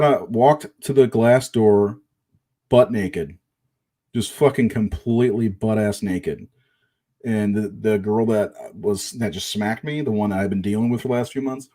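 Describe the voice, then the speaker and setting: A man's voice: lowish voice, darkish tone. A middle-aged man casually telling a long personal story, rambling and swearing, with restarts.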